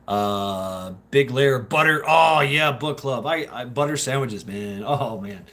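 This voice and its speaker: A man's voice: mid-range voice, lively intonation, slow, fairly bright tone. A Southern man hosting a livestream, talking casually in a rambling, profane way with lots of laughter. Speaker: livestream host.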